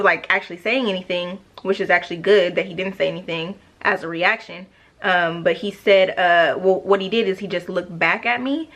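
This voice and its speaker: A woman's voice: mid-range voice, a bit bright. A young woman vlogger rambling through a makeup tutorial and a casual personal story, correcting herself often, sassy and talkative. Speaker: beauty vlogger.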